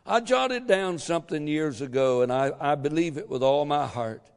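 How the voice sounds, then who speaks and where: A man preaching a sermon to his church, emphatic, calling for amens and shouting at the peaks. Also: a little high, animated, moderate pace, clean tone. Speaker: pastor. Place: church sanctuary. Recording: long reverb of a church hall.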